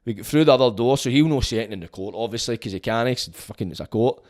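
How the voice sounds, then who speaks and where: Scottish man, mid-pitched, casual vlog monologue, blunt and sweary, frank advice. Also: racing, darkish tone. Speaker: vlogger giving prison advice.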